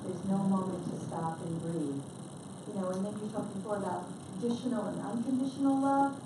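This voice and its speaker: A woman's voice: mid-range voice, fairly quick. A woman in a group study, offering an earnest, reflective comment. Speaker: class participant. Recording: very echoey, distant from the mic, noisy.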